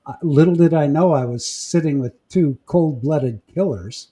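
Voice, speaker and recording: A man podcast host in casual chat, telling stories with halting restarts and fillers. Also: fairly high pitch, dark tone, breathy edge. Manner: storytelling, halting with repeats and fillers.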